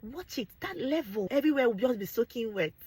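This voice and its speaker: A young adult woman with a Nigerian accent speaks in a husky, slightly breathy voice. She talks straight to her viewers, frank and animated, and she often breaks into exclamations and bits of pidgin. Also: fairly high pitch, brisk, no echo, poor audio. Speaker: vlogger. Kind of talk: candid talk to camera.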